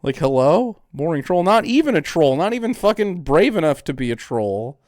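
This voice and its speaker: A man's voice: on the high side, big pitch swings, normal speed, darkish tone, dry recording, studio quality. A man streaming, reacting to videos and mocking chat in a sarcastic, profane casual chat.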